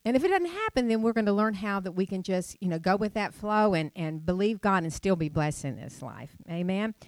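A woman's voice: medium pitch, expressive, fairly quick, darkish tone, no room sound. Middle-aged woman preacher, conversational sermon, dry close mic. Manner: chatty storytelling with rhetorical questions.

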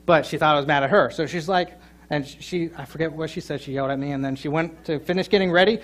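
Middle-aged guy preaching a sermon, kinda high voice, funny storytelling, gets loud on the big points. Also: quick pace. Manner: storytelling, joking with the congregation; animated, with loud emphatic peaks. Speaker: pastor. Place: church sanctuary.

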